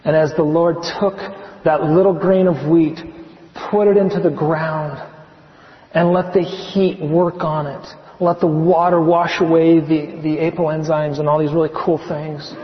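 A man from California, a chemistry professor, giving an earnest personal testimony, confiding and softening on heartfelt points. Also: a little high, flat delivery, measured pace. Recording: echoey hall, muffled sound.

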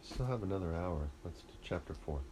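Deep-voiced man in a study group. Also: animated, dark tone, a little hiss or hum. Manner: reads scripture aloud slowly. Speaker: Bible study group member.

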